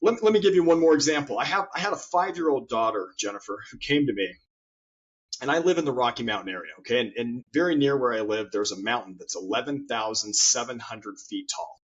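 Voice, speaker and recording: A man with a husky, slightly breathy voice talks earnestly as a guest in an interview. He builds his points through stories, often doubling up on words as he speaks. The audio is muffled and lo-fi, with its top end dulled. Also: medium pitch, lively intonation, fairly quick. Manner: earnest storyteller, repeats words. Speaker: guest author. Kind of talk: interview conversation.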